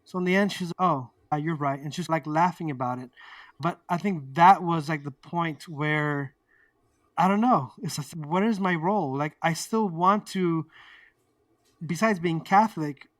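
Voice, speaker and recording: A man who is a guest on an interview show, telling a personal story in a candid, animated way, acting out old arguments and swearing freely. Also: a little high, unhurried, no room sound, far from the mic.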